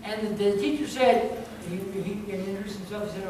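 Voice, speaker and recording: A man's voice: high-pitched, a little fast, few pauses. A man preaching a sermon as pastor, emphatic and repetitive, telling a personal story with chuckles along the way. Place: church sanctuary. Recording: very echoey church hall, speaker far from mic, audible room noise.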